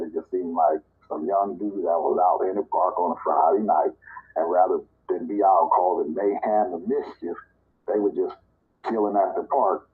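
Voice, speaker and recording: A man from Nebraska tells a personal story in a relaxed, conversational way, his voice sitting a little low. When he quotes people he jumps up into higher, livelier voices. The sound is thin and tinny, like a phone line. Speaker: storyteller in a live audio chat.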